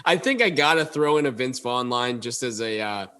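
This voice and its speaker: A man co-hosting a casual podcast, sitting at an everyday middle pitch. He is animated, breaking into quoted lines and laughing as he goes. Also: moderate pace, clear, resonant tone. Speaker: podcast co-host. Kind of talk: casual chat.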